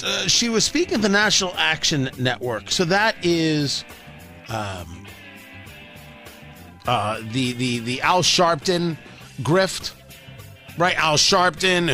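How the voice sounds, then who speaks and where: A man's voice: fairly high pitch, bright, forceful tone. A man hosting a talk radio show, delivering an opinionated, sarcastic and combative monologue into a studio microphone.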